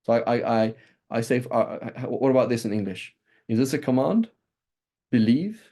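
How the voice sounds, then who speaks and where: A man teaching a class on Islamic texts, talking in a lively, conversational way with frequent "right?" checks and restarts. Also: mid-range voice, fairly quick.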